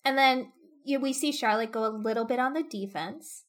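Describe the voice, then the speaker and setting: A woman discussing a novel in casual chat, thoughtfully explaining the plot and acting out quick quotes. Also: a little high, fairly bright tone.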